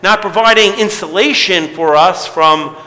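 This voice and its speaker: High bright-voiced middle-aged pastor preaching, lots of questions to the room, long church reverb. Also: male voice, measured pace. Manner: conversational preaching with rhetorical questions. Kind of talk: sermon.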